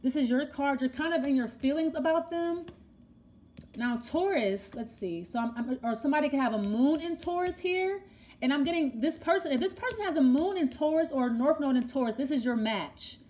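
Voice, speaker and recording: A young woman with a high voice gives a tarot reading, talking to her listener directly. She rambles and thinks aloud, often repeating phrases as she asks the cards what they mean. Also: darkish tone. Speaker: tarot reader.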